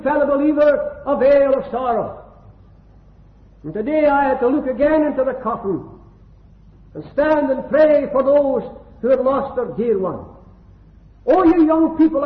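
Older scottish guy preaching in a gospel hall, really high voice, repeats lines rhythmically, echoey and tinny like a phone recording. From Scotland. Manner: fervent, rhythmic repetition of phrases.

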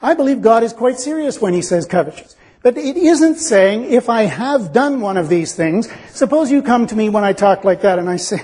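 A man's voice: sits high, lively intonation, moderate pace, a little mellow, husky, big-room sound. A man preaching a sermon in an earnest, reasoning way, acting out little dialogues to make his point.

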